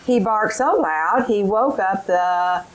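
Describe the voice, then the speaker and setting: Slow-talking woman training teachers. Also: mid-range voice, rough recording. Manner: directive, repeats instructions, models phonics drills aloud. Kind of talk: instructional training session.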